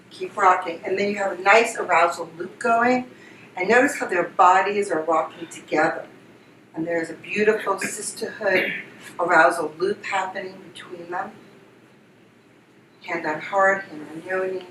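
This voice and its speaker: A woman facilitator leads a group through a guided exercise, repeating gentle questions and prompts. She is picked up from a distance in a roomy indoor space, with a faint hum of ambience behind her. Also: medium pitch, a little slow, long pauses. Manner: repetitive, soothing coaching prompts. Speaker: workshop facilitator.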